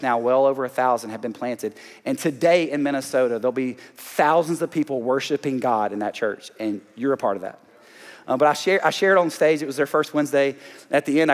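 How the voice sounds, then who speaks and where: Emphatic Southern preacher in a big hall. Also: male voice, medium pitch. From Alabama. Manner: emphatic preaching with call-outs to the congregation. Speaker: pastor. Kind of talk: sermon. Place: large church auditorium. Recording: long hall reverb.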